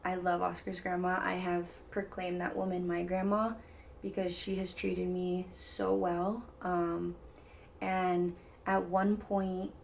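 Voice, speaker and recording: Slow and gravelly, a young woman's low voice barely shifts in pitch as she tells viewers a personal story. It's a chatty, rambling vlog full of "like" and "mind you guys," with slight noise behind her.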